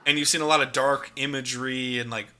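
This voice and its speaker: A man co-hosting a podcast, chatting casually about a movie, animated and laughing often, with plenty of swearing. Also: medium pitch, fast talker. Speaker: podcast co-host. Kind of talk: casual movie review chat.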